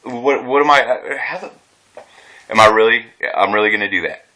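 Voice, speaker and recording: A veteran tells his own story in an unscripted vlog, sounding distressed. His voice is medium in pitch and sharp at a normal speed, and he rambles agitatedly, swears often and keeps restarting sentences.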